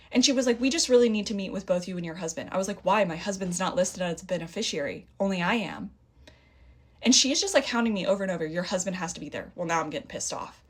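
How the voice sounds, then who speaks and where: Young woman, casual storytime rant, indignant and fired up, mid-pitch voice. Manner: heated, indignant, retells a dialogue with quick back-and-forth. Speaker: vlogger.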